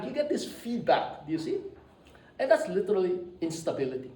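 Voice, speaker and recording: A man lecturing a class, animated and often checking in with his listeners. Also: high-pitched, fairly quick. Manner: animated, keeps checking in with "right?" and "you see?". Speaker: university lecturer. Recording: echoey room, mic at a distance.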